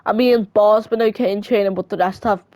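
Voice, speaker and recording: A woman's voice: medium pitch, fairly even intonation, fairly quick, a little mellow, no room sound. A woman casually commentating on her football management game, rambling and self-mocking. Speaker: gamer.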